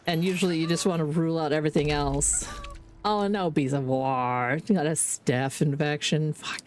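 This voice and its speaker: A Canadian woman with a low voice streams a game at a moderate pace while feeling under the weather. She chats candidly, swears freely, and rambles with frequent restarts.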